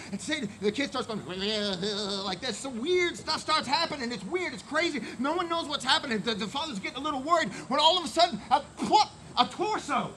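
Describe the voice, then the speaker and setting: Um homem com voz muito aguda e brilhante conta uma piada longa e cheia de repetições, que vai crescendo até virar gritos de empolgação. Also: male voice, extremely high pitch, a little hiss or hum. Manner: rambling, repetitive, building to shouted excitement. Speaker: comic storyteller in a band show. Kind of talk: comic shaggy-dog storytelling.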